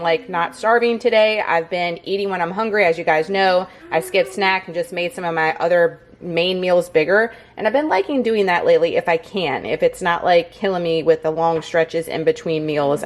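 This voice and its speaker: A woman with a Southern US accent talks through her day in a relaxed, chatty vlog. She speaks at a middle pitch and addresses her viewers directly, calling them y'all. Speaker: fitness and food vlogger. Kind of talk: casual vlog narration.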